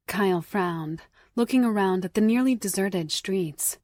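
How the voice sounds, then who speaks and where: A woman narrating a romance audiobook in a soft, intimate way, often close to a whisper. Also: mid-range voice, measured pace, no echo. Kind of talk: scripted narration.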